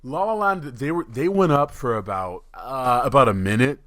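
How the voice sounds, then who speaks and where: A man co-hosting a podcast, excitable and laughing as he tells stories in casual banter. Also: medium pitch, normal speed, no echo, studio quality. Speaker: podcast co-host.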